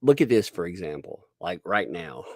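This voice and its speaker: Man, livestream host, casual rambling chat, lowish voice, dry room. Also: sing-song, moderate pace, a little mellow, no echo. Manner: rambling, laughs often, reads chat donations.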